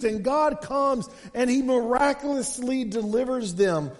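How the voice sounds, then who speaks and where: A man with a strikingly high voice delivers a sermon, leaning on repeated starts like "and, and" as he builds each point. His words trail off into a long reverb that fills a big hall. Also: a little slow. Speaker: pastor.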